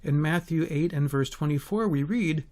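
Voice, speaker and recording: A man's voice: a little high, moderate pace, darkish tone. A man giving a Bible teaching, telling the story expressively and asking rhetorical questions.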